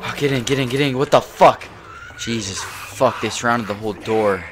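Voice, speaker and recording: A man's voice: medium pitch, normal speed. A man giving sweary, frantic running commentary as he plays a game. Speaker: gameplay streamer. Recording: gunfire noise behind voice.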